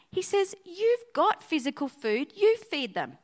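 A woman pastor preaching a sermon to her church, energetic and conversational, often checking in with her listeners. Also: high voice, normal speed, few pauses. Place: church auditorium.

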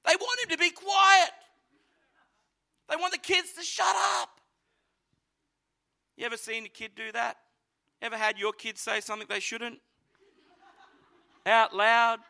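A man preaching a sermon, telling the story with animated energy and acting out voices. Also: very high voice, measured pace, pauses often. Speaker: pastor.

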